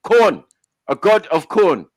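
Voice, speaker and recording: A man's voice: high-pitched, sing-song, slow, dry recording. A man trading teasing comebacks in heavy street slang, hosting a livestream panel. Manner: teasing, laughing, heavy slang like bruv and allow it. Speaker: channel host in a livestream roast. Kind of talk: banter and comebacks.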